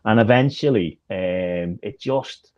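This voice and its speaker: A man's voice: fairly low pitch, slow pace, lo-fi sound. A man, a minister and comedian, telling rambling, self-deprecating stories in casual chat. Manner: rambling storyteller, self-deprecating, many fillers.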